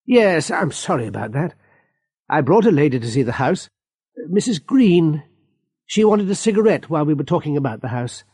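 A man's voice: fairly high pitch, big pitch swings, moderate pace, dark tone, slightly rough, no echo, studio quality, voice pushed up. A man voicing a flustered, polite male estate agent who keeps apologizing and hesitating. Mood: apologetic.

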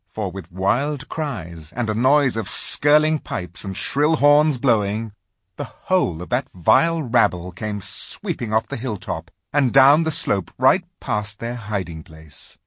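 A man narrating a children's storybook aloud, slow and dramatic in his reading. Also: fairly low pitch, very animated, a bit bright, dry recording, studio quality. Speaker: audiobook reader.

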